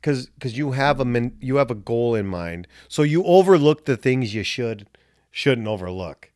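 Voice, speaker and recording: Swearing ex-fighter telling a story. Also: male voice, mid-range voice, normal speed, no room sound, clean studio sound. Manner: loose, profane, animated storyteller. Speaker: podcast guest, former fighter and fight promotion co-owner. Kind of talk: casual storytelling chat.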